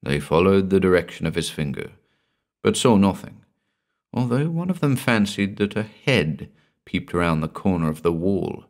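Male horror narrator, deep and lively, dramatic storytelling. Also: moderate pace.

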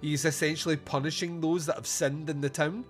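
A man's voice: a little high, steady tone, a little fast, faint music behind. A man hosting a podcast, chatting casually about a film, laughing often and swearing freely. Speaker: podcast host. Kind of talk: casual film review chat.

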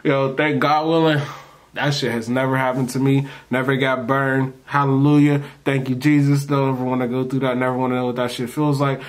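A man's voice: mid-range voice, brisk. Dude telling a storytime on his channel, slangy and rambly, acts out whoever he's quoting, medium voice. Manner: slangy, loose, rambling delivery with frequent laughs; animated, acts out the people he quotes. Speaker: storytime vlogger. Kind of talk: casual storytelling to camera.

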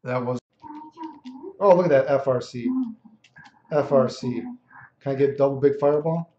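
Streaming a fighting game, this man delivers cocky, foul-mouthed, boastful commentary in a warm, medium-pitched voice at a moderate pace. An echoey room and a dull lo-fi microphone color the sound.

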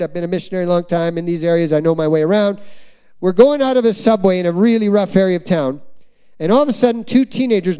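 A man preaching in a church, a visiting missionary telling a long story to the congregation. His voice sits high yet sounds mellow and smooth. He delivers it with animated storytelling and acts out the voices of the people in the story. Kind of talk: storytelling sermon. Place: church sanctuary.

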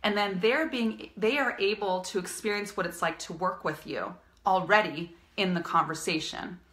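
A woman's voice: medium pitch, moderate pace, a bit bright. A woman business coach giving an upbeat, emphatic live-streamed coaching talk, repeating her key phrases.

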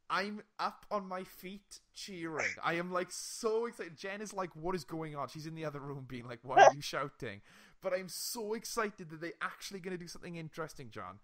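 A young man chats on a podcast, telling a story with plenty of animated energy. His voice sits a little high for a man, and he swears and laughs freely as he goes. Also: normal speed. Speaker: podcast co-host. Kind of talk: casual chat.

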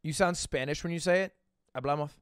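High-pitched, animated, and a bit bright, this twenty-something streamer speaks at normal speed as he reads viewers' messages aloud. His casual replies come laced with profanity and sarcasm over faint background music.

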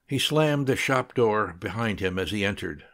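A male audiobook narrator reading with steady, even storytelling. His voice is low and gravelly, with a rough fry in it. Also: moderate pace. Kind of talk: scripted narration.

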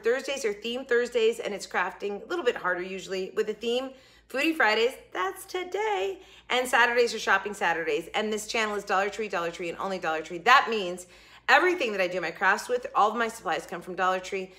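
A middle-aged woman hosting a casual food review vlog, chatty and jokey, with quick asides that sometimes drop to a whisper. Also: fairly high pitch, pushed and bright. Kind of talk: casual chat to camera.

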